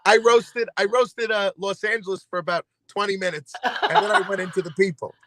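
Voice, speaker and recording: A man's voice: high-pitched, lively intonation, brisk, pushed and bright, dry recording. A man from New York with a New York accent, chatting as a singer guest and telling stories with many fillers and restarts. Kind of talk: casual chat.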